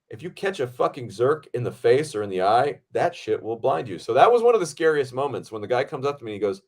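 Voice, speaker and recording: Man, podcast host, medium pitch, casual storytelling, animated, profane. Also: fast, hardly any pauses. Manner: animated, profane, lots of fillers.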